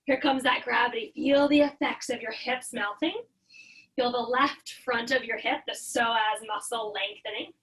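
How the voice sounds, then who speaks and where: A woman yoga instructor calmly cueing poses and breaths in an encouraging way, recorded in her home basement. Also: a little high, moderate pace, far from the mic, low-quality recording. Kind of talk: guided yoga class instruction.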